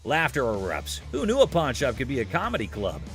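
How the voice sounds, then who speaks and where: A man's voice: mid-range voice, huge pitch swings, fairly quick, over loud music. A man narrating a show recap in a scripted, playful, jokey storytelling manner.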